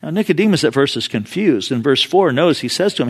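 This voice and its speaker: Male preacher, high voice, casual storyteller with asides. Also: animated, fast talker, husky. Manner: conversational storytelling with frequent asides. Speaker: pastor. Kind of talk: sermon.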